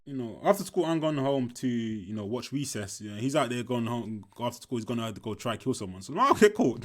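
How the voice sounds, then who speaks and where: A man's voice: mid-range voice, fast, fairly bright tone. A young man, telling a school story casually while commenting on a film, swearing often and repeating himself. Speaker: movie reaction commentator.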